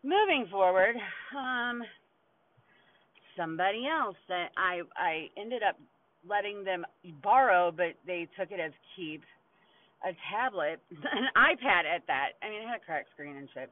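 A woman's voice: mid-range voice, lively intonation, measured pace. Woman, forties, casual venting podcast, blunt, swears a lot, laughs often, tinny phone-quality sound. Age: 40s. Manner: blunt, heavily profane, laughs between lines. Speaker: podcast host.

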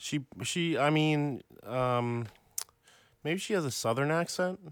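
A man's voice: a little high, slow, smooth. A man co-hosting a casual podcast, laid-back and understated, talking from home. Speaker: podcast co-host. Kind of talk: casual chat.

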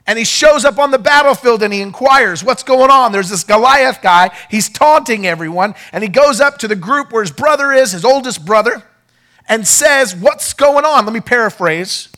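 High, bright-voiced preaching pastor. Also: male voice, normal speed. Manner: animated, acts out quoted voices; drops to a quiet, low storytelling tone. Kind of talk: sermon.

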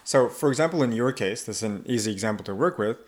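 A man's voice: mid-range voice, expressive, fast. A man working as an English accent coach, explaining and demonstrating pronunciation in a casual podcast conversation.

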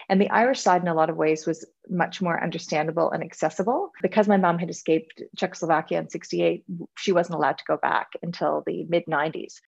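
A Canadian woman in her forties, a guest in a casual interview, telling animated stories about her family and laughing often. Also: fairly low pitch, creaky, breathy edge. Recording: lo-fi, dull sound.

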